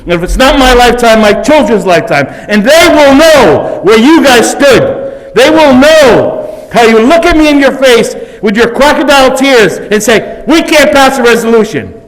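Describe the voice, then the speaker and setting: A man gives a fired-up public comment at a council meeting, his voice pitched high for a man. He speaks in an accusatory tone, with long echo from the hall around him. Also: expressive. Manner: starts quiet and measured, then shouting and accusatory. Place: council chamber.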